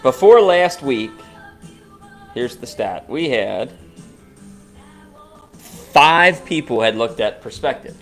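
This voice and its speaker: A man's voice: medium pitch, takes it slowly, long pauses, faint music behind. A man co-hosting a casual podcast, animatedly walking through listener numbers and chatting with his partner. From Cincinnati, Ohio area. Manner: animated, walks through download stats. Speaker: podcast co-host.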